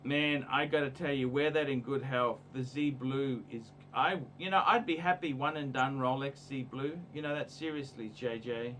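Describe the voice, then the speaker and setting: A man's voice: medium pitch, normal speed, hardly any pauses, a bit bright, slight background noise. A man hosting a casual livestream, giving emphatic, repetitive, ranting advice. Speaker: livestream host.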